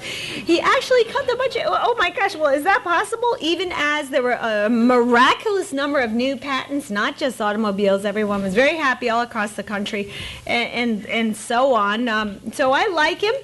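A middle-aged woman giving a public lecture as an author, with a lively, wry, digressive manner and playful asides. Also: high-pitched, slight background noise. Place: presidential library auditorium.

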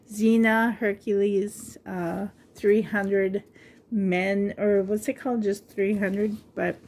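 A woman's voice: medium pitch, mellow. A middle-aged woman vlogging in a casual, rambling way, chatting to camera and laughing often.

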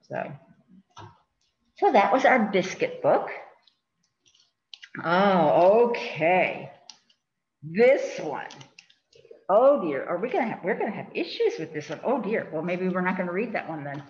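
A woman's voice: lowish voice, very animated, measured pace, pauses often, a little mellow. A woman, a children's librarian, reading picture books aloud to kids and chatting as she handles the pages. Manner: chatty, sing-song, fussing with the book on camera. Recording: roomy, dull lo-fi with faint hiss.

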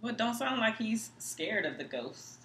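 A woman's voice: fairly high pitch, big pitch swings, normal speed, fairly bright tone, slight background noise. A woman hosting a casual chat, asking follow-up questions and checking that she has understood. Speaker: host. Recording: echoey room.

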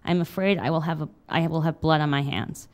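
A woman's voice: low-pitched, steady tone, brisk, natural voice. A woman reading aloud the lines of an anxious, guilt-ridden female boss near tears, in a pleading, distressed way. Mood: worried.

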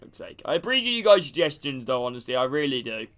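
A man's voice: medium pitch, sing-song, fast talker, fairly bright tone, smooth. A man casually commentating a game stream, chatting with viewers and calling them by name. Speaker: gaming streamer.

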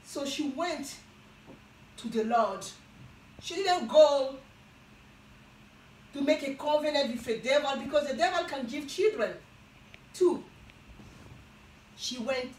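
Slow, high-voiced woman preaching in an echoey room. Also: expressive, a little mellow, distant mic, a little hiss or hum. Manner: slow, emphatic, with repetitions and restarts. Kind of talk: Bible teaching sermon.

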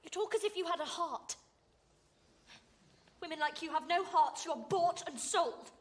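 Actress doing a young wife, stage drama, scornful and indignant, very high voice. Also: female voice, a little slow. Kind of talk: stage play scene.

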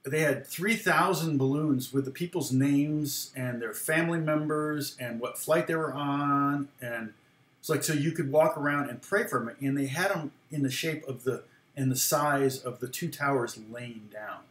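A guitar teacher and former worship leader casually tells a long personal story, rambling, laughing often and acting out what people said. His medium-pitched, slightly bright voice moves at a moderate pace in an echoey room.

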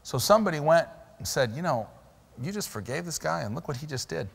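A male pastor delivers an animated sermon with a fairly high voice and a very lively melody. He drives his points with sudden loud stresses. His voice carries a long reverb from the church hall. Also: fairly quick, creaky, slightly rough. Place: church sanctuary.

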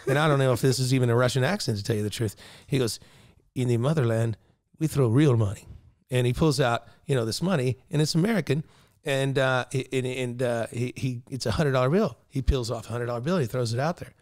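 A man in an average pitch hosts a loose, profane podcast conversation. He rambles through crude anecdotes, swearing as he goes. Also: fast. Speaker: podcast host. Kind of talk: casual profane chat.

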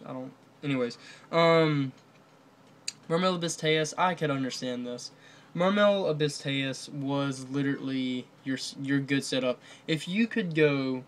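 A man's voice: mid-range voice, slight background noise. A man casually commenting on a card game ban list, rambling with many fillers and restarts. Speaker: card game video host.

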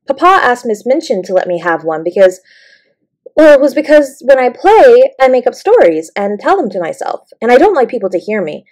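A woman voicing a clever, imaginative little girl in a storybook reading, in a lively, eager way. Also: fairly high pitch, brisk, voice pushed up.

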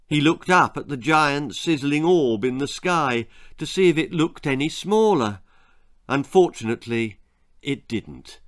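A man's voice: on the high side, fairly bright tone. A man reading his own children's story aloud in a relishing, theatrical manner.

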